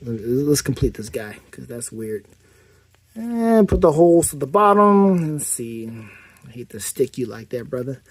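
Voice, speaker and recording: A man's voice: medium pitch, very animated, measured pace, no room sound. Chatty man reviewing a toy. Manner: rambling, joking, self-correcting. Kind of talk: casual unboxing review.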